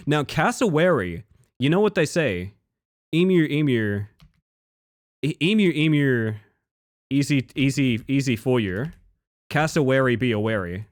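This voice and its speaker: Freely profane and rambling from gag to gag, a young Australian-accented streamer chats casually with the people watching live, his pitch bouncing energetically. The recording is dry and close, with no room around it.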